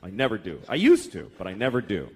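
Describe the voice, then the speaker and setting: A man's voice: fairly low pitch, wildly swooping pitch, fast talker, husky. A man doing a stand-up routine, telling stories in a profane, exasperated way. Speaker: stand-up comedian.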